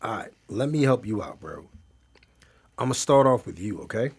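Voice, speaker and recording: A man hosting an advice stream, interjecting with crude, animated comments. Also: on the low side, normal speed, slight background noise. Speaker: host. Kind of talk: advice livestream chat.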